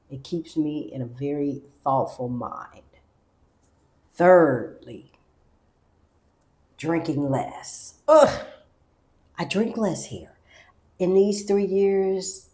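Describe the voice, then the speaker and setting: Woman, from the US, low voice, chatty vlog talk, animated asides, echoey room. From United States. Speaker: vlogger. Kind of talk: casual talk to camera.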